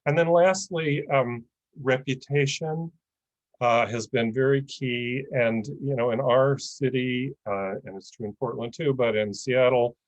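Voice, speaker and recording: A man giving an academic conference presentation over a video call, thoughtful and dotted with fillers. His voice sits at an ordinary middle pitch and sounds a little worn. The sound is dry and close, with no room around it. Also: steady tone, unhurried, no room sound, highs cut off. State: losing his voice. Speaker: conference panelist.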